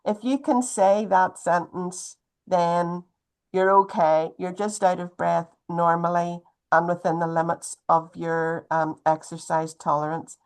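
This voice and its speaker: A woman giving a gentle, chatty health talk over a video call. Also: lowish voice, fairly even intonation, measured pace. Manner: gentle, chatty, uses wee often.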